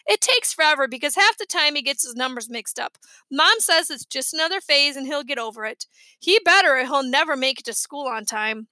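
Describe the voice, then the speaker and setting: A woman narrating a children's chapter book aloud in a clear, lively reading voice. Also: high-pitched, no room sound, low-quality recording. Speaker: audiobook reader.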